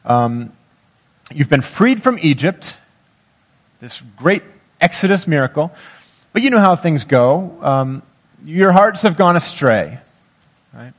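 A man preaching a sermon, reading scripture slowly and guiding listeners in a conversational way. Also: fairly high pitch, big pitch swings. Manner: slow, measured scripture reading. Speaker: pastor.

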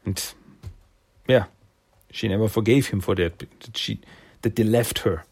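A man's voice: lowish voice, measured pace, vocal fry, darkish tone, slightly rough. A man casually recapping a comic issue, rambling and loose with many fillers. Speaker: comic reviewer.

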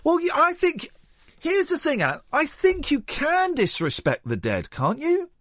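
A man's voice: very high-pitched, huge pitch swings, a little slow, a bit bright. A man hosting a radio show in a playful, rambling, teasing way. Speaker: radio host. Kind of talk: casual radio chat. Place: radio studio.

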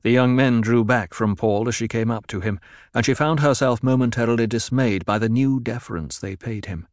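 A man narrates a novel in an even, measured voice of middling pitch. His reading is steady throughout. The recording is dry, with no room echo. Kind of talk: scripted audiobook narration.

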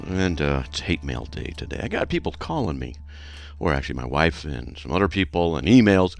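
Deep-voiced lively talk radio host. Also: male voice, fairly quick, vocal fry, no room sound, soft background music. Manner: chatty, playful, rambling.

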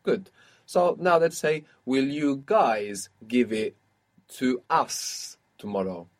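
A man leads a spoken language lesson at a medium pitch. He sets up phrases, asks for answers and confirms them patiently. His tone stays calm and guiding throughout. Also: takes it slowly. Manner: patient, prompting and correcting a learner. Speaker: language teacher.

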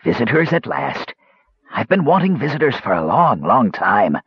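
A man voicing a scrawny, ragged old castaway who calls himself king, with a raspy, eager, nervous manner, in a dull lo-fi audiobook recording. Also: medium pitch, big pitch swings, moderate pace, no echo, full character voice.

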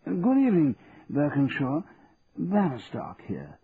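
Audiobook: man doing a dry, formal old solicitor, lively pitch, thin phone-like sound. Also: measured pace, husky, full character voice. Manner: precise, courteous, dry. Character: formal elderly male solicitor. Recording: tinny narrow band, faint hiss.

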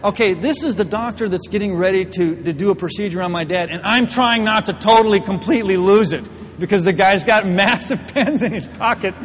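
A young man preaching to a church, telling a personal story in an animated, laughing way. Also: sits high, fairly quick, in a large hall, a little hiss or hum. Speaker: pastor. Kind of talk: storytelling sermon. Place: church hall.

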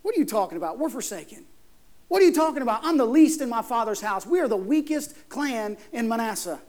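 A man's voice: very high voice, very animated, fast talker, a little mellow. A man voicing a doubting young man who protests and pleads that he is a nobody. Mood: incredulous. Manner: pleading, incredulous.

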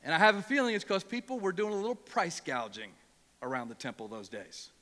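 A man's voice: high voice, very animated, brisk, pushed and bright, long reverb tail. A male pastor from Ohio preaching a sermon, emphatic and prone to repeating words when worked up.

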